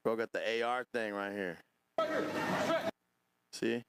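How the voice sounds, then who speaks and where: A man's voice: lowish voice, steady tone, slow, very noisy. A man hosting a podcast, reacting to clips in casual commentary, laughing often and swearing.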